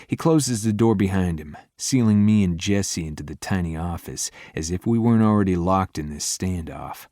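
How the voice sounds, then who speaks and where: A man narrating a first-person romance audiobook in a low, intimate delivery. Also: animated, normal speed, few pauses, dark tone, dry recording, clean studio sound.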